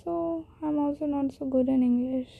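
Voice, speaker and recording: On phone-quality audio, a teen girl with an Indian accent talks alone on her podcast, restarting often as she rambles in a shy, self-mocking way. Her high, creaky voice keeps a fairly even intonation at a moderate pace.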